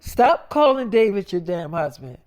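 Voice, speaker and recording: A woman's voice: medium pitch, very animated, moderate pace, darkish tone, lightly acted. Brief: woman playing a foul-mouthed mother in a rage, cursing and threatening. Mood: furious. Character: furious foul-mouthed mother, middle-aged.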